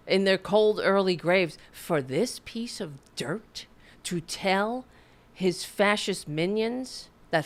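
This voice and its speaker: A woman hosting a political podcast, ranting angrily with lots of swearing and repeated restarts. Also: mid-range voice. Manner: angry, profane, repetitive ranting. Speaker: podcast host. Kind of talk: political commentary rant.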